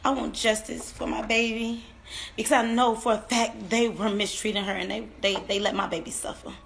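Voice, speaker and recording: A bereaved mother giving an emotional personal account, tearful and halting, often repeating her words and trailing off. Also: a little high, flat delivery, creaky, a bit bright, slight background noise. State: tearful, on the verge of crying.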